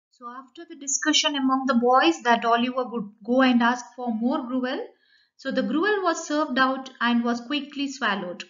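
Woman, Indian English accent, high voice, reads a line then re-explains it, dull lo-fi recording. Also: a bit bright. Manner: reads a line, then restates it in simple words. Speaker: school English teacher. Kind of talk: reading a story aloud and explaining it.

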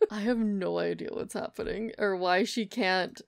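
A woman's voice: mid-range voice, unhurried, vocal fry. A woman giving casual, chatty commentary over her own gameplay, thinking aloud and laughing often. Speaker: gameplay video creator.

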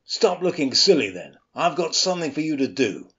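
An actor playing a domineering, impatient employer who barks orders in a radio drama re-creation. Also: male voice, on the high side, sing-song, normal speed, a bit bright. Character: bullying bossy male employer. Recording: dull lo-fi radio-style recording.

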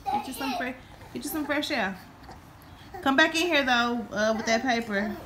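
A young mother filming her children at home, talking to them in cooing, animated baby talk. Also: fairly high pitch, normal speed, a loud crowd. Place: at home, indoors. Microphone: phone camera held by the speaker. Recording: noisy home phone recording.

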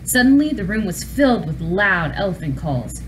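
A woman reading a children's storybook aloud in an expressive, animated way. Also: mid-range voice, normal speed, slight background noise, low-quality recording. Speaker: storybook reader.

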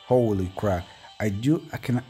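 Man, gaming youtuber, excitable, stammering, slow drawn-out talk, faint game music behind. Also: on the low side. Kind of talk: casual commentary over gameplay.

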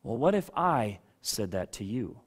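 A man's voice: lowish voice, big pitch swings, measured pace. A male pastor and father giving a sermon in a conversational way, asking questions of listeners by name and at times raising his voice for emphasis. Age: adult with children. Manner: conversational preaching, rising to loud rhetorical outbursts.

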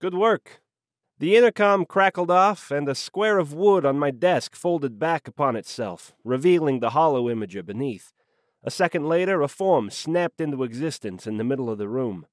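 A man narrating a hard-boiled detective audiobook with wry, slangy deadpan delivery. His voice sits slightly high for a man and moves around a lot in pitch. The recording is close and dry. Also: normal speed, no room sound.

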